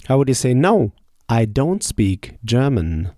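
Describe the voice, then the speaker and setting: A man teaching German verbs, asking each question, pausing, then saying the answer slowly and clearly. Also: medium pitch, big pitch swings, warm tone, no room sound, studio quality. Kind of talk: slow drill lesson.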